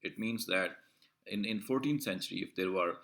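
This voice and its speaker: Low-voiced man giving a measured lecture. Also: vocal fry, a bit bright. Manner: deliberate, explanatory, repeats and rephrases points; frequent filler "uh" and restarts. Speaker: university lecturer. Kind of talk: recorded video lecture.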